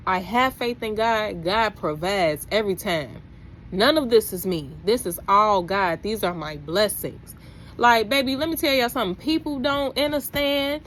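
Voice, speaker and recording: An animated young woman, vlogging straight to camera about faith. She talks like she's preaching to friends, and her voice jumps way up whenever she gets fired up. A faint hiss of noise runs under her voice. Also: on the high side, a little slow. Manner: animated, preachy, rising to exclaim. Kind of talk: casual vlog, talking to camera.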